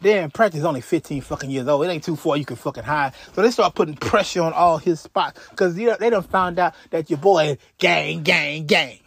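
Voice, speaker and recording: A man's voice: on the high side, fairly quick, few pauses, fairly bright tone, slightly rough, no room sound. A man hosting a podcast who tells a crime story in a casual way, profane and slangy, often stalling and repeating himself. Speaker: podcast host.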